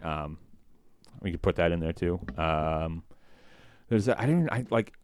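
Deep-voiced man rambling in casual chat. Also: a little slow, clear, resonant tone, no room sound, studio quality. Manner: rambling, quoting cartoon lines in excited bursts. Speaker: podcast co-host.

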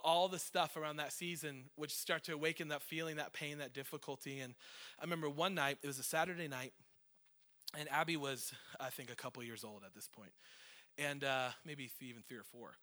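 Bright-voiced man preaching a sermon. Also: fairly high pitch. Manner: conversational, emotional, self-deprecating asides. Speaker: worship leader preaching.

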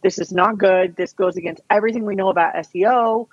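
Chatty husky woman, lo-fi podcast audio. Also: mid-range voice, fast, no room sound. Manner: chatty storyteller, peppered with "like" and "um". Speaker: podcast guest, online reseller. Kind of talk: casual interview chat. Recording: dull, lo-fi, dry podcast audio.

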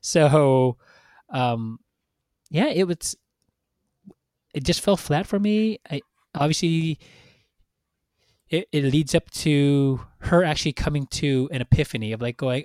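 A man chatting casually on a podcast, ranting with animated profanity. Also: mid-range voice, moderate pace, no echo. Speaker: podcast co-host. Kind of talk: casual chat.

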